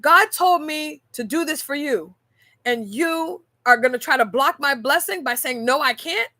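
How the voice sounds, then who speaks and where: A woman's voice: high voice, animated, measured pace, no echo, voice pushed up, heavily acted. Woman putting on a firm, indignant coworker. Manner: emphatic, repeating herself forcefully.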